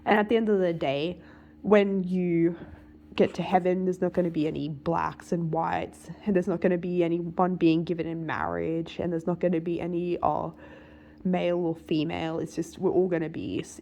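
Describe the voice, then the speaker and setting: A woman with a lowish, gravelly voice and a dark, mellow tone talks straight to camera. She rambles casually, filling her speech with "like" and pressing her points with emphasis. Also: a little hiss or hum. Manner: rambling, full of "like" fillers, emphatic. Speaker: vlogger.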